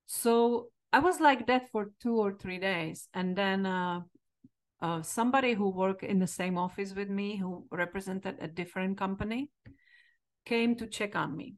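A middle-aged woman with a Czech accent tells a personal story in a candid, reflective way. Her voice sits at a medium pitch, and she is a podcast host speaking in her second language. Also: normal speed. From Czech Republic. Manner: candid, reflective, quoting herself with emotion.

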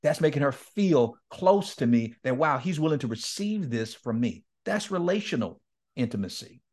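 A middle-aged man speaking as an interview guest, voice at an average pitch for a man. He tells stories with a lot of energy, laughs often, and acts out both sides of remembered conversations. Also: normal speed. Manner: animated, laughs often, acts out quoted dialogue. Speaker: guest speaker and men's ministry leader. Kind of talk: candid storytelling in a podcast interview.

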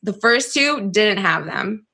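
A young adult woman telling a personal story on a podcast in a casual, animated way, saying "like" a lot and swearing freely. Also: medium pitch, slow, breathy edge. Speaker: podcast guest.

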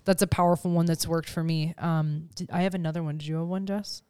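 Woman podcast host, smooth low-ish voice, lively and chatty, acts out quotes. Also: quick pace. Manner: animated, acts out quoted lines. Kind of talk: casual podcast chat. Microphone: close studio mic.

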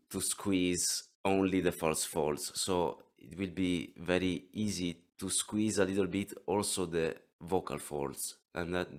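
In an interview-style lesson, an Italian man in his thirties explains throat singing in a low voice. He speaks haltingly and often restarts his words.

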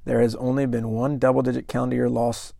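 A man's voice: mid-range voice, flat delivery, quick pace, gravelly, dark tone, no echo, clean studio sound. A man hosting a solo investing podcast, talking conversationally and emphatically and putting questions to the listener. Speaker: podcast host.

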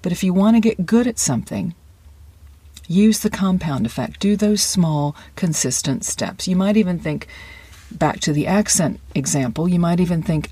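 Acting coach, lesson monologue, warm mellow tone, dry recording. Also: mid-range voice, expressive, breathy edge, no room sound. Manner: conversational, encouraging, drops into quick inner-voice asides. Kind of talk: podcast-style lesson monologue.

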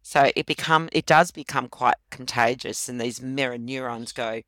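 A woman's voice: rumbling low, moderate pace, few pauses, a bit bright, no echo. A woman guest in a casual interview, talking through a laughter exercise and laughing often.

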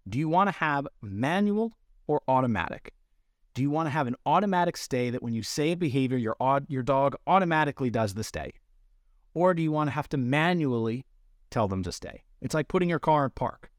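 A man's voice: medium pitch, lively intonation, brisk, no echo. Dry, close-miked man explaining dog training. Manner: explanatory, uses everyday analogies. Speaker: dog trainer, podcast host. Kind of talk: instructional podcast talk.

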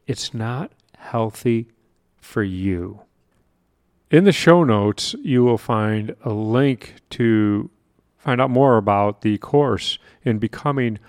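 A man's voice: lowish voice, clear, resonant tone, dry recording, clean studio sound. A man hosting a solo podcast as a confidence coach, talking earnestly and emphatically with wry asides.

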